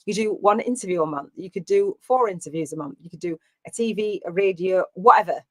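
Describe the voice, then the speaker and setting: A woman's voice: fairly low pitch, fairly quick, a bit bright, no echo. A woman coaching live on a stream, chatty and rambling with many fillers and restarts. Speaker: business coach.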